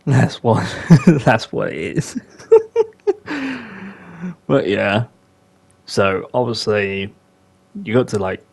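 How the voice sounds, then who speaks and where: Slow, low-voiced young man rambling. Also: creaky. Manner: rambling, loose, many fillers. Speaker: podcast host. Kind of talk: casual podcast chat.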